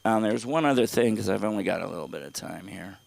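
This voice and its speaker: A man's voice: lowish voice, fast talker, vocal fry. A middle-aged man doing open-mic stand-up on a comedy club stage, rambling, profane and talking straight to the crowd.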